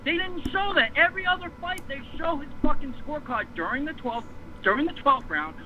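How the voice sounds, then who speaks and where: A man's voice: extremely high pitch, animated, fairly quick. A man ranting hard about a boxing decision, swearing often and repeating himself as he builds his case. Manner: fired up, profane, repeats himself. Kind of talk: heated boxing rant. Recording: dull lo-fi stream with faint noise.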